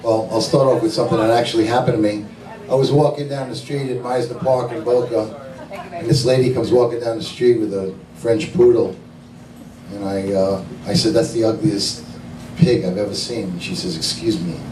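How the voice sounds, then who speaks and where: A man doing stand-up, telling jokes in a dry, deadpan way and laughing at his own punchlines. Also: on the low side, normal speed, crowd noise. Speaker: stand-up comedian. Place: lounge club stage. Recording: echoey club from far off, noisy.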